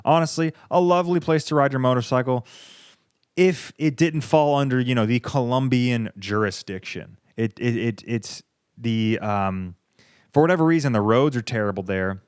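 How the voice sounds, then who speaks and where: A man's voice: medium pitch, normal speed, smooth, dry recording, clean studio sound. Rambling, sarcastic, foul-mouthed man podcasting. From United States. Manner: rambling, profane, sarcastic, with frequent tangents. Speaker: podcast host. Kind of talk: casual solo podcast monologue.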